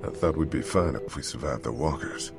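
An actor playing a weary grown man who leads a band of survivors in a game, speaking calmly. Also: very deep voice, brisk, loud music behind the voice.

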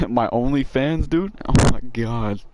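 A man's voice: medium pitch, takes it slowly, a little mellow, dry recording, rough recording. A young man chatting loosely and joking while live-streaming a racing game, full of slang. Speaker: gaming streamer.

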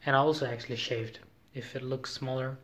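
Walking city streets with a handheld camera, a young man who studies film chats through his days in loose vlog talk full of fillers and restarts. His voice is mid-range, steady, fairly bright, and a little fast.

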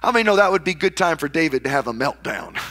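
A man's voice: big pitch swings, very fast, a bit bright. A man preaching a sermon, dramatically acting out the words of the people he quotes. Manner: dramatic, acts out quoted voices with big swings in pitch and volume. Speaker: pastor.

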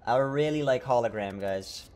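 A man streaming gameplay live, chatting to viewers excitedly and tripping over his words as he plays. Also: mid-range voice, moderate pace. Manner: excitable, talks to chat, trips over words. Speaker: game streamer.

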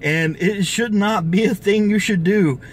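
Angry young man, gaming vlog rant, slightly high voice, swearing, faint background hiss. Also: measured pace. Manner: angry, profane ranting with repeated restarts. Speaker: gaming channel host. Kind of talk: ranting video commentary.

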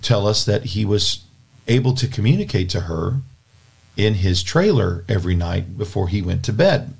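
Gravelly earnest man hosting a faith podcast. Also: on the low side, animated, moderate pace, darkish tone. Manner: earnest and plainspoken, often restarting words. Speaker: Christian podcast host. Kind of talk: casual spoken storytelling and talk. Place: podcast studio.

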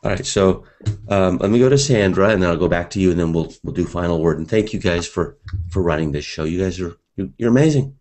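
Speaking at a quick pace in a very low, darkish voice, a man teaches a live seminar to a roomful of students. His delivery is energetic and loose, and he talks straight to his audience.

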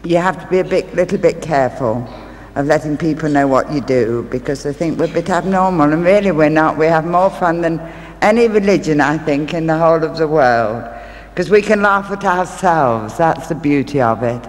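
In a large theatre hall, a woman with a deep voice speaks at a normal pace as a stage medium. Homely stories and chatty asides are aimed at her live audience, and the sound is reverberant with faint ambience.

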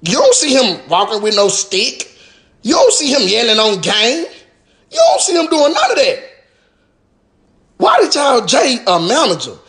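A man, ranting in an animated, profane and mocking way on a live stream, with a sarcastic repeated "sir". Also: extremely high pitch, a little slow, pauses often. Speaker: rapper addressing his followers.

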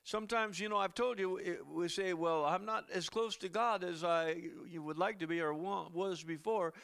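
A man's voice: high voice, normal speed, creaky, fairly bright tone, clean tone. A man preaching a sermon as pastor, talking conversationally to the congregation with chuckles and asides.

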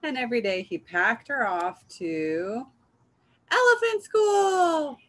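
A woman reading a picture book aloud in a gentle, measured storytelling manner. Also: medium pitch, lively intonation, rough recording. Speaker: reader.

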